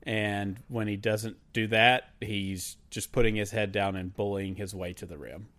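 Animated man ranting about a basketball player. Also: lowish voice, unhurried. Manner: animated, mocking, laughs while talking. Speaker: podcast co-host. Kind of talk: casual sports chat.

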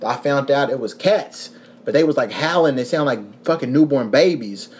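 A young man from Kentucky hosting a casual podcast, telling profane, animated stories with frequent laughs. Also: mid-range voice, moderate pace. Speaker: podcast host.

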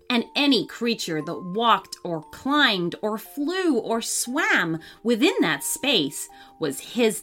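A woman reading a children's story aloud as scripted narration, in an expressive storytelling manner. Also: fairly high pitch. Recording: faint music under the voice.

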